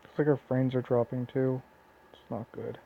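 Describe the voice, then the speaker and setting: A man's voice: medium pitch, little pitch movement, moderate pace, creaky. Rambling Canadian guy on a tinny mic. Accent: Canadian, Southern Ontario. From southern Ontario, Canada. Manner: rambling, many fillers and restarts. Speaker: let's play commentator. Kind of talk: casual gameplay commentary.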